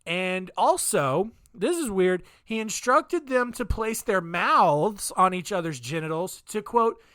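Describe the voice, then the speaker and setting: A man's voice: sits high, a bit bright, no room sound, studio quality. A drunk male podcast host telling a crass comedy story in a rambling way, full of restarts and asides.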